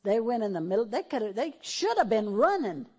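A woman's voice: on the high side, very animated, a little fast, mellow, husky. A woman preaching a sermon in a church, moving between fervent exhortation and tearful emotion. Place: church sanctuary, televised.

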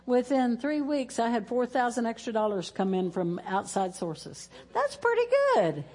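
A woman's voice: fairly high pitch, sing-song, moderate pace, darkish tone. A woman pastor speaks to her church in a folksy way, dropping in praise interjections and ending with a chanted prayer. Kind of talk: church service talk and closing prayer.

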